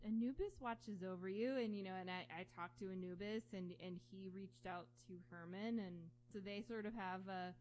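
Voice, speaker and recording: A woman chatting casually as a podcast co-host, telling animated stories and acting out quoted voices. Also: mid-range voice, a little hiss or hum. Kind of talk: casual chat.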